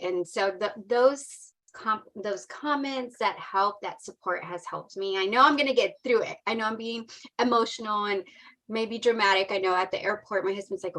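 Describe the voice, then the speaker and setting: A woman's voice: mid-range voice, moderate pace, fairly bright tone. A woman in her forties, a podcast guest, talking openly and emotionally in a casual chat. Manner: open, emotional, talkative.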